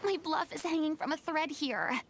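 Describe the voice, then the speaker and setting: An actress playing a proud, dramatic young former goddess in a video game, with a showy, self-mocking manner. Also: female voice, sits high, animated, moderate pace, a little hiss or hum. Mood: flamboyant. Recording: game audio with music behind.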